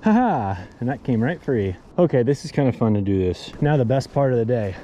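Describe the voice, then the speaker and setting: A man hosting a fishing vlog, talking in an enthusiastic, excitable way outdoors by a snowy stream. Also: mid-range voice, fast talker, lo-fi sound, a little hiss or hum. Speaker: fishing channel host.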